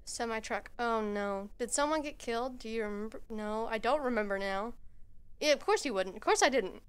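Young female streamer, bright fairly high voice, quiet nervous rambling commentary on a headset mic at home. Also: clear, resonant tone. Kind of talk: let's-play commentary.

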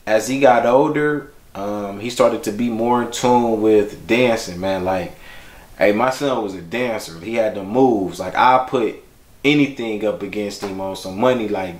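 A man's voice: on the low side, roomy sound. A man speaking in a documentary interview as a father remembering his young son, talking in a casual, heartfelt, slangy way. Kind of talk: documentary interview, personal storytelling.

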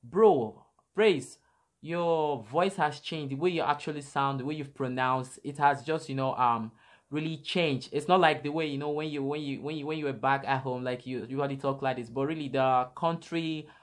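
A man's voice: mid-range voice, steady tone, a little fast. A young man from Nigeria, talking casually to camera as a vlogger, rambling and filling his talk with "you know". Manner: rambling, leans heavily on "you know" fillers.

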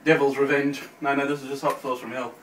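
A man's voice: medium pitch, flat delivery, fast, fairly bright tone. A man co-hosting a hot sauce tasting, joking and groaning about the heat. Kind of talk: casual joking chat. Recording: echoey room, from far off, faint noise.

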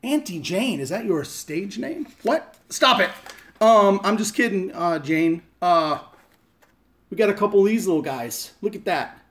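A man's voice: high voice, lively intonation, measured pace, fairly bright tone. A man chatting casually and profanely on a live stream, joking and rambling as he opens fan mail at home. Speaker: vlogger opening fan mail. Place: home in Las Vegas.

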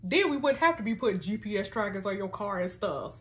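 Animated, laughing woman host commenting on a story. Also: mid-range voice, brisk. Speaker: host reacting to a text story. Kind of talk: casual commentary on a text story. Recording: roomy echo.

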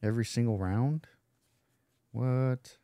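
Dark-toned man explaining a board game. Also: medium pitch, takes it slowly, no echo. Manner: explains card rules, playful banter. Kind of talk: casual chat at a game table. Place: indoors at a table.

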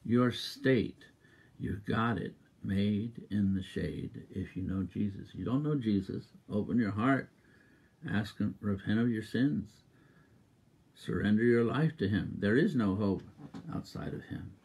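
A man preaching a sermon as a minister, exuberant and emphatic, repeating exhortations and breaking into loud rhythmic laughter. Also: on the low side, a little slow, slightly rough.

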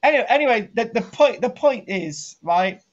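Rambling, jokey archaeology presenter, lo-fi. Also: male voice, extremely high pitch, expressive, moderate pace. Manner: jokey, rambling, restarts sentences, teases his co-host. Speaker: archaeologist and live-stream presenter. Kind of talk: rambling casual live-stream lesson. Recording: dull lo-fi home stream audio.

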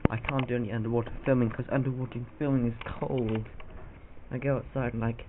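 A man's voice: medium pitch, flat delivery, fast talker. A man, vlogging in a playful, rambling chat to camera. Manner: playful, rambling, goofy asides. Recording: tinny lo-fi camera audio with loud hiss.

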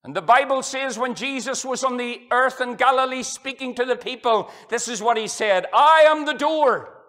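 A middle-aged man with a Northern Irish accent preaching an evangelistic sermon in a church hall. His delivery is impassioned, swinging from loud to hushed as he quotes old-fashioned scripture. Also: extremely high pitch, normal speed.

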